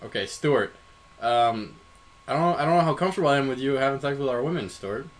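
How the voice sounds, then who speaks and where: A man's voice: medium pitch, expressive, fairly quick. A man co-hosting a casual comedy podcast, reacting with incredulous questions. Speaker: podcast co-host.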